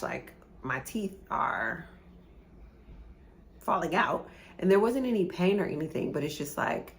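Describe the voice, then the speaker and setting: A woman of about forty chatting casually to camera as a vlogger, rambling and halting, often repeating words as she confides. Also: low-pitched, creaky, a little hiss or hum. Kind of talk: casual chat.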